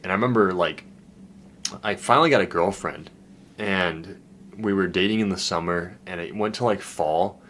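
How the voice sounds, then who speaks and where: A low-voiced man speaks at a moderate pace with a slightly bright tone over a bit of background noise. He's a dating coach giving a casual, profane monologue, loose and candid, dropping "dude" and "man" every other line. Recalling his past loneliness, he turns emotional and heartfelt.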